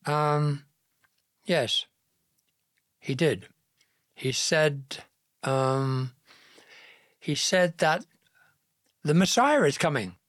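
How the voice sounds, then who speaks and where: A man voicing a frightened young woman who speaks hesitantly and softly in a Bible story. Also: mid-range voice, slightly rough, no room sound, studio quality, exaggerated voice. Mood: nervous. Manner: hesitant, halting, soft-spoken.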